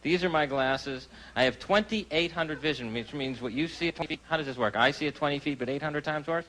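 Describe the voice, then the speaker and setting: A man doing stand-up on a live stage, conversational and self-deprecating, with quick asides to the audience. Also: fairly high pitch, low-quality recording. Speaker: stand-up comedian. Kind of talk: stand-up comedy. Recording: 1980s live comedy special, loud crowd laughter and noise. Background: audience laughter.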